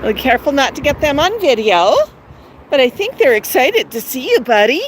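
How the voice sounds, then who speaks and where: A woman's voice: sits high, very animated, moderate pace, a little hiss or hum. A middle-aged woman hosting a live-streamed walk outdoors, talking in a coaxing, sing-song way to her pet bird. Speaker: bird owner and host. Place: outdoors in a residential neighborhood.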